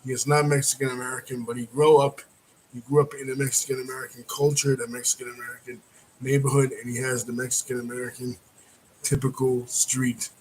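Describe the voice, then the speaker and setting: A man at a mid-range pitch walks through a film's plot in a loose, rambling way. He clears his throat often and fills gaps with "you know". A faint background noise runs underneath. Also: level tone, a little fast, low-quality recording. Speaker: movie reviewer. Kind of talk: casual plot recap.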